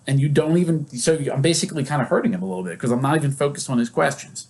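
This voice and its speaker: A man's voice: on the high side, very fast, a little mellow. A male psychologist who leads therapy groups, teaching casually and acting out example scenes in quoted voices. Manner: conversational, with many fillers.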